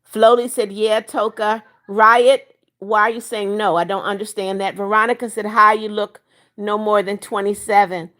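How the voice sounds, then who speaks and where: Speaking in a mid-range voice with a level tone, moderate pace and a touch of brightness, a woman of seventy-one runs a livestream. She reads out her viewers' chat comments and answers each one by name in chatty fashion.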